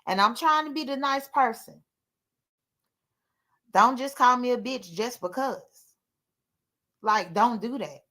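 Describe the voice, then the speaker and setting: Woman, high voice, bright tone, candid emotional livestream talk. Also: slow, pauses often. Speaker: livestream host.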